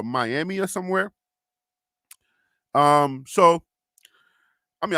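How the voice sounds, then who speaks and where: A young man with a high, bright, ringing voice hosts a casual sports live stream. He chats loosely, reads viewer comments aloud and laughs often. The recording is close and dry. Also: dry recording.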